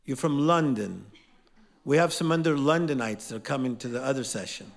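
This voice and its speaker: A man teaching a live motivational class, energetic and playful, leading call-and-response and quizzing his audience. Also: medium pitch, brisk, vocal fry.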